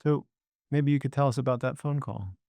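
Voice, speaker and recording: A man's voice: medium pitch, a little fast, warm tone, no room sound. A man moderating a webinar, asking short questions to draw out the speaker's story. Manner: brief, prompting questions. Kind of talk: interview questions.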